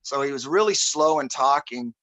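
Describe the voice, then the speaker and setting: A male guest musician telling a story in a casual, rambling way, full of fillers and pauses as he searches for words, over a video call. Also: mid-range voice, lively intonation, a bit bright, dry recording, low-quality recording.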